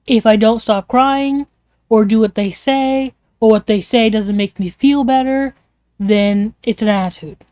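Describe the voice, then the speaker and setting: A woman's voice: a little high, measured pace, darkish tone, dry recording, studio quality. A young woman streamer venting in a casual, rambling way, emotional and swearing often.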